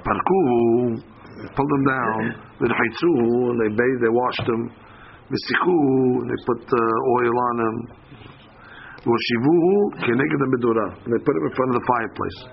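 This Talmud teacher leads a daily class, reading the text aloud and then explaining it in plain language. His mid-range voice is gravelly and moves quickly, and the recording has its highs cut off.

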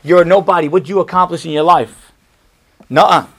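A proud male biblical leader bristles at being doubted, as a rabbi puts him on in class. He speaks with a high, gravelly voice. His tone is indignant and mock-haughty. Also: a little fast, fairly bright tone.

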